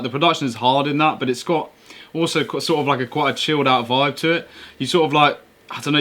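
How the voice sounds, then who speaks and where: A man's voice: medium pitch, a bit bright. A man hosting a music reaction video, chatting casually in an enthusiastic, slangy, rambling way.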